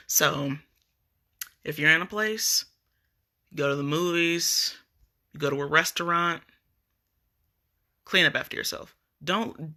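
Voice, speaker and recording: A woman's voice: fairly low pitch, sharp tone. A woman vlogger ranting casually on a live video, blunt and profane as she tells her story.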